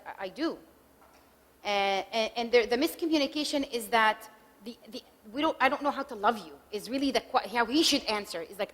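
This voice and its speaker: A middle-aged woman giving a conversational marriage workshop talk, acting out spouses' lines as quick examples. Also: a little high, a bit bright. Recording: reverberant hall recording.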